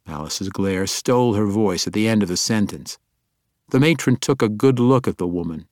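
In studio quality with no echo at all, a fairly low-pitched male narrator reads a fantasy audiobook at a steady, even pace.

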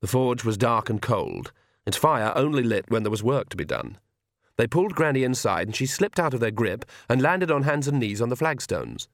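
A man's voice: mid-range voice, expressive, moderate pace, no echo. Man reading a story, dry close sound. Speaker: narrator. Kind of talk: scripted audiobook narration.

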